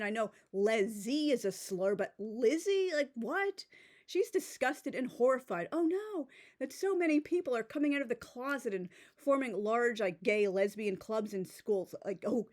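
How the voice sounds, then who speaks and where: A woman's voice: fairly high pitch, darkish tone. A woman giving a casual, sarcastic book review, reading out passages and mocking them, with many "like"s and restarts. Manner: sarcastic, filler-heavy with frequent "like" and restarts. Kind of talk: casual commentary video.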